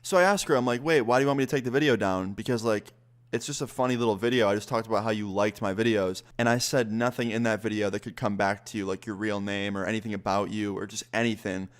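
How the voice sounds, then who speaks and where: Animated young man telling a story. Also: lowish voice, fast. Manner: animated, casual, swears freely. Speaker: YouTuber. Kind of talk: casual story-time vlog.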